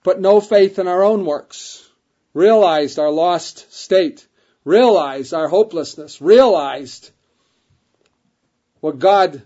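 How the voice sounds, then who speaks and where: A man's voice: high voice, slow pace, pauses often, warm tone. A man preaching a sermon, reading King James scripture aloud and repeating key phrases for emphasis. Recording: dull lo-fi recording.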